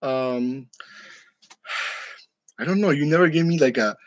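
A man's voice: fairly high pitch, a little slow, no room sound, lo-fi sound. A man from New York chatting casually with his viewers, joking and laughing often in a room decorated for Halloween. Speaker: channel host. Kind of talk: casual live chat with viewers.

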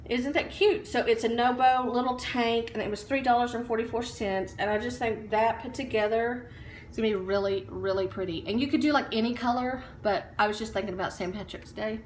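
A woman's voice: fairly high pitch, steady tone, a little fast, echoey room, slight background noise. A woman chatting casually in a home haul vlog, upbeat, with lots of ums and likes. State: out of breath while standing. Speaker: vlogger. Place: room at home.

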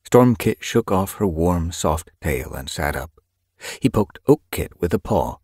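A man narrating an audiobook with expressive storytelling. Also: deep voice, unhurried, breathy edge, no echo, clean studio sound. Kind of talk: scripted narration.

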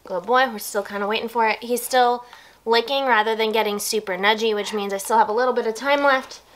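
A woman with a slightly high voice vlogs from home while lying down near a low camera. She explains things in a calm, plain way. She often pauses to murmur gentle praise to her dog. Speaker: vlogger filming her service dog. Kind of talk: casual vlog narration. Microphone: camera set low nearby.

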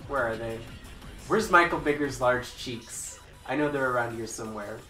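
A woman streaming a game with casual commentary, excitable and swearing, breaking into mock-angry yelling. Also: rumbling low, normal speed. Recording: roomy with faint background music.

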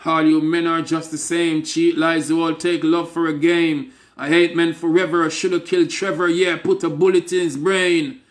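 A man's voice: on the high side, flat delivery, normal speed, hardly any pauses, lightly acted. A man voicing a bitter, hurt young woman who hates men, angry and accusing, in a spoken word poem. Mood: furious.

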